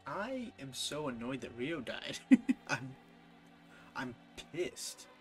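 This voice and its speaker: Animated, exasperated male game commentator. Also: mid-range voice, takes it slowly. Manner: exasperated, frequently laughing reactions. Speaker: gameplay commentator. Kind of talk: casual let's-play commentary. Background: game music.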